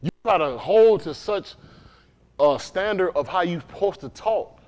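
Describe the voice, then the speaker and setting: A man's voice: high voice, animated, measured pace, darkish tone. A man from preaching a sermon to a congregation in a loose, conversational way, often checking in with questions. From Dade County, Florida. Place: congregation room.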